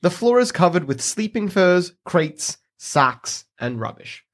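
Higher-voiced man running a tabletop game. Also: big pitch swings, a little slow. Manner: descriptive, laughs between lines. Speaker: game master.

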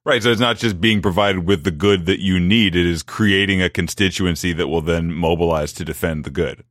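Very deep-voiced male interviewer, dry sound. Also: fairly bright tone, no room sound. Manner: measured, summing up the guest's points. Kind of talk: political interview.

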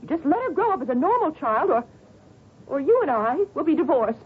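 A woman's voice: high-pitched, sing-song, fairly quick. An actress playing a protective mother who firmly stands up to her husband, in 1970s radio drama style. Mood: defiant. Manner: firm, cutting. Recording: tinny lo-fi 1970s radio broadcast.

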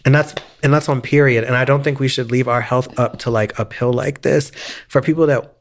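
A man's voice: mid-range voice, steady tone, a little fast. Opinionated man in casual podcast chat. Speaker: podcast co-host.

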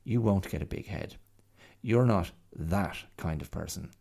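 A man's voice: low-pitched, a little slow, vocal fry, mellow, full character voice. A man voicing a proud, fussy little male bear in a storybook reading, speaking in a prim, matter-of-fact way.

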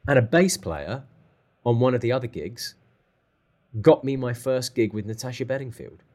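A man telling a lively story as a guest, acting out the phone calls he describes. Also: mid-range voice, brisk. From England. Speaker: guest drummer. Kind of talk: casual storytelling.

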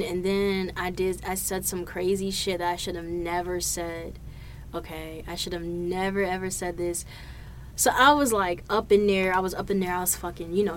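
A woman hosting her own podcast, telling stories in a profane, animated, laughing way. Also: on the low side, a little hiss or hum. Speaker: podcast host. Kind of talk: casual solo podcast storytelling.

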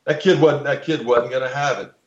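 A man's voice: medium pitch, fairly even intonation, fairly quick, roomy sound, dull audio. A man in casual podcast talk, blunt and opinionated, swearing freely and restarting his sentences.

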